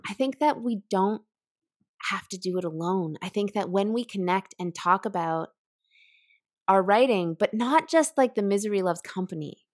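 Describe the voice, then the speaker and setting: A woman who teaches writing, explaining a creative exercise in an animated, conversational way and laughing often. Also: mid-range voice, normal speed. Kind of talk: conversational podcast interview.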